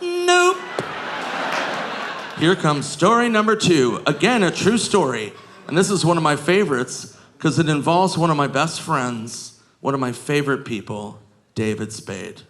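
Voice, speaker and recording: A man doing a stand-up comedy set on a club stage, jumping into shrieking high voices when he acts out drunk women. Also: animated, moderate pace, noisy background. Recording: live club recording with crowd laughter.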